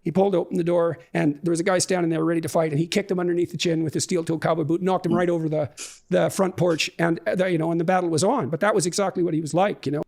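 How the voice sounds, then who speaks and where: A man's voice: a little high, steady tone, gravelly, a little mellow. A man earnestly telling an anecdote in a recorded conversation that is being played back. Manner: earnest, fast storyteller.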